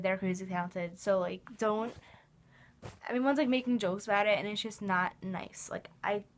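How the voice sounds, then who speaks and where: A young woman in a casual fan vlog, talking in an emotional, rambling way with lots of "like". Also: mid-range voice. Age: young adult. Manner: rambling, emotional, heavy use of "like". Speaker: vlogger.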